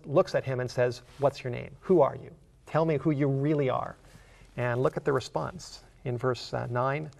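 A man teaching a Bible study, who reads scripture slowly and asks the listener earnest questions. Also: mid-range voice, creaky. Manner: earnest, slows down to read scripture aloud.

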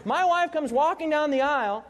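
A man's voice: very high voice, normal speed, a bit bright, a little hiss or hum. A middle-aged man preaching a sermon, telling a story and asking the congregation questions.

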